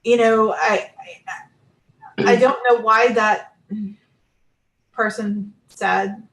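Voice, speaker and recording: A woman's voice: on the high side, fairly even intonation, extremely slow, fairly bright tone, echoey room. A woman talking casually about spiritual experiences, rambling with many fillers and restarts.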